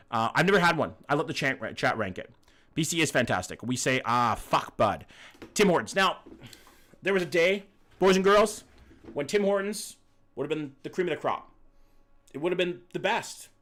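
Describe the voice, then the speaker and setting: A man's voice: on the high side, fairly bright tone. A young Canadian man with a Canadian accent, streaming and chatting casually, blunt and swearing freely while answering his chat.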